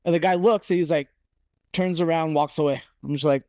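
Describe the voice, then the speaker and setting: Young guy on a podcast, higher voice, cussing a lot, doing voices in his stories, dry mic. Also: brisk, no echo, muffled recording. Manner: profane, animated storytelling with acted quotes. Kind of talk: casual podcast chat.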